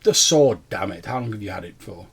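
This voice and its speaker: A man voicing a stern, probing male witch hunter who speaks in measured, formal phrases. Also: on the low side, expressive, a little hiss or hum, close to an everyday voice. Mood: sharp. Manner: measured, formal, stammers slightly.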